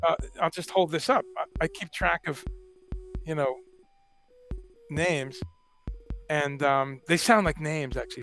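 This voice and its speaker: A man chatting as a guest on a video call, animated and emphatic, often repeating words as he talks. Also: fairly high pitch, unhurried, long pauses. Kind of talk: casual chat.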